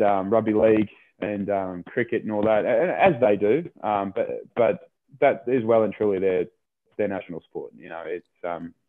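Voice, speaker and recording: An Australian rugby player chatting casually in an interview, rambling, repeating words and often saying "mate". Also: male voice, lowish voice. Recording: tinny phone-line sound.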